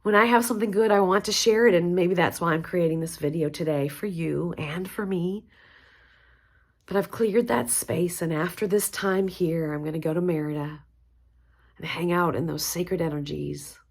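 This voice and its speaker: A woman leading a guided mantra practice, speaking gently and encouragingly. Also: on the low side, moderate pace. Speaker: spiritual teacher.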